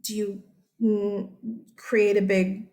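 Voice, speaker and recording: A woman's voice: mid-range voice, level tone, slow, mellow. A woman teacher giving a casual, chatty history lecture over slides. She often checks in with her listeners.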